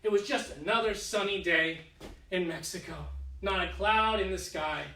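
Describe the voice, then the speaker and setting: A man in his thirties playing a vain, childish deposed emperor in a comic solo stage monologue, petulant and self-pitying, swinging from whiny to booming, performed in a living room. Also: moderate pace, bright, forceful tone, slight background noise. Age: 30s. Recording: echoey room, mic far off.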